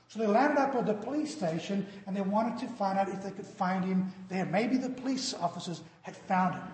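A man's voice: high voice, a little mellow. A man preaching a sermon as pastor, telling a joke with animation and then pressing his points with emphasis. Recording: echoey reverberant hall.

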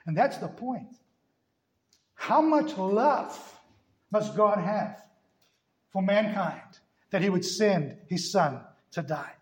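A male pastor preaching with emphasis and piling up rhetorical questions. His voice sits high. The room around him is echoey. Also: expressive, takes it slowly. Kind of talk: sermon.

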